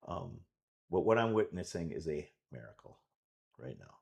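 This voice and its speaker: A man's voice: a bass voice, very animated, normal speed, gravelly, pauses often, darkish tone. A man coaching and commentating a pool match live from his club, enthusiastic and rambling with many restarts.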